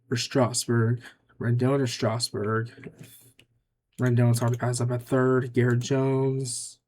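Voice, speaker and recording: A man's voice: medium pitch, a little mellow, slight background noise. A young man giving casual gameplay commentary, muttering offhand, dry remarks to himself as he makes picks. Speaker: gaming YouTuber.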